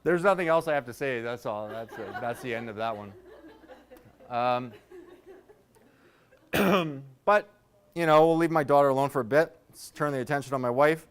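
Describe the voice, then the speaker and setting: A man's voice: medium pitch, normal speed, pauses often, a little hiss or hum. A man in his thirties doing a stand-up set, telling loose, rambling stories with self-mocking asides. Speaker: stand-up comedian.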